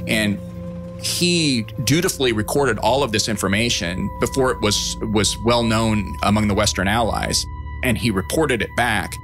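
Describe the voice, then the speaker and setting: A man's voice: fairly low pitch, normal speed, music in the background. A man giving a plain, conversational explanation in an interview, with a few restarts. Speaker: former intelligence officer interviewee.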